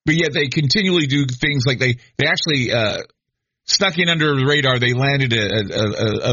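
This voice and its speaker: A man in middle age hosting late-night radio with a husky, bright edge to his voice and a lively, swooping delivery. He rambles and restarts as he talks, and the sound is close and dry, a little dull in the top end. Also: medium pitch, no echo. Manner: rambling, conversational, many restarts and fillers. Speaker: radio talk show host.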